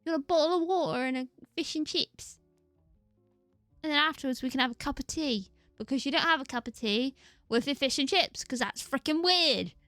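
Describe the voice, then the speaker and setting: A woman's voice: sits high, fairly quick, pushed and bright, no echo, faint music behind, voice pushed up. Woman putting on a cheeky British bloke. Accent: exaggerated British. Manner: chirpy, slangy, playful. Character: cheeky exaggerated British bloke, male, adult.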